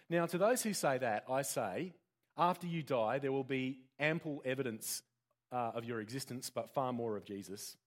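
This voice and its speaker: A man preaching an interactive sermon in a church, joking and putting questions to the congregation. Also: medium pitch. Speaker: pastor.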